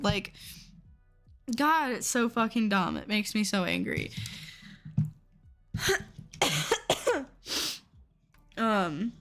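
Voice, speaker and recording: A woman's voice: high-pitched, a bit bright. A young woman from Seattle chatting casually on a live stream, talking frankly and with exasperation, swearing often. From Seattle, USA.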